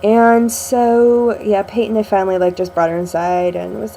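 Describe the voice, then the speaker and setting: A woman's voice: medium pitch, fairly even intonation, moderate pace, creaky, few pauses, dark tone, slight background noise, low-quality recording. A young woman chatting in a casual video diary to a friend, rambling and sarcastic, with lots of ums, recorded at home. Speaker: vlogger.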